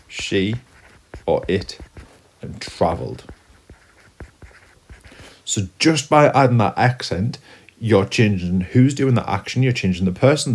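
Low husky guy teaching spanish, walks thru it step by step. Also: a little mellow. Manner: patient, step-by-step explaining. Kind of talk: classroom lesson at a whiteboard.

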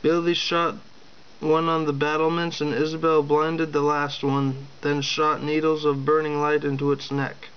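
A man's voice: on the high side, little pitch movement, a little slow, clear, resonant tone, muffled recording. A man reading his own fantasy adventure story aloud, voicing the characters with only small changes and a few slips. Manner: reads every character in a near-plain voice, with small slips.

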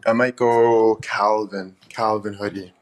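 Slow-talking casual male streamer. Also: fairly low pitch, loud music behind the voice, low-quality recording. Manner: relaxed, chatty, addresses viewers as guys. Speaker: livestreamer. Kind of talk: casual live stream chat with viewers.

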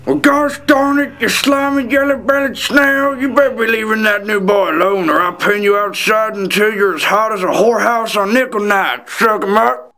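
Buck, a bright old slug cowboy. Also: male voice, high-pitched, fairly even intonation, normal speed. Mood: indignant. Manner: folksy, blustering. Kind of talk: student cartoon voice acting.

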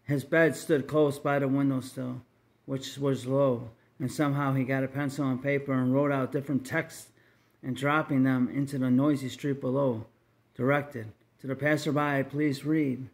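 Male reader, mid-pitched, earnest and measured storytelling for a religious tract. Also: little pitch movement, gravelly.

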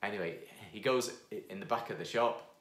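A man telling a funny personal anecdote in an animated way, laughing often and acting out what people said. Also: fairly low pitch, a little fast. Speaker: founder of a piano course. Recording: roomy echo.

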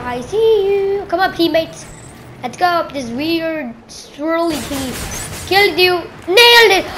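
A woman gamer gives excitable gameplay commentary in a high voice, exclaiming at game events and playfully calling other players "bro." A little hiss or hum is audible.

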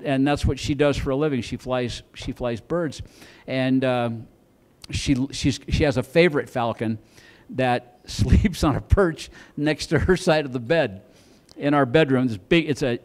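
A middle-aged man on a comedy club stage tells a long story in a fairly high voice. He rambles and repeats words, and he acts out the lines of the people in his story. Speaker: stand-up comedian. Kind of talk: stand-up storytelling.

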